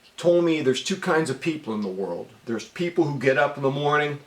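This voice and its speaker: A middle-aged man telling a story from his own life in a casual, animated way, often calling the listener "man.". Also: on the high side, brisk, echoey room. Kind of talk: casual monologue.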